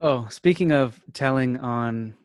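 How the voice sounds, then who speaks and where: A man in his thirties hosting a casual podcast chat, telling stories in a relaxed way with frequent fillers. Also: mid-range voice, takes it slowly, clear, resonant tone, dry recording, studio quality. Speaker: podcast host.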